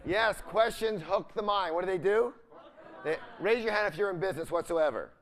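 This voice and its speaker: A man's voice: high voice, normal speed, a bit bright. Upbeat man quizzing a seminar crowd. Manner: quizzes the audience, leaving sentence ends for them to fill. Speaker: seminar speaker. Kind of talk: live seminar talk.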